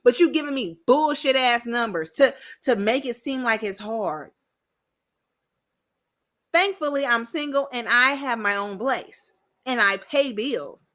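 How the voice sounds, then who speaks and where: A woman's voice: on the high side, animated, measured pace, fairly bright tone. A woman hosting a reaction commentary, talking bluntly and directly with lots of profanity. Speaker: commentary host. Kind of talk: reaction commentary on a panel clip.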